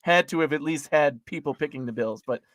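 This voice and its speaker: A man's voice: fairly high pitch, a little fast, fairly bright tone, no echo, studio quality. A man co-hosting a casual sports podcast, given to heated, swearing rants. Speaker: podcast co-host.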